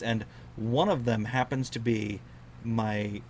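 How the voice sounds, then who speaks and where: A tired man losing his voice, casually telling a collecting story to camera in an unhurried, chatty way. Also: lowish voice, steady tone, darkish tone, a little hiss or hum. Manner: chatty, unhurried, repeats figures for emphasis. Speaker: collector vlogger.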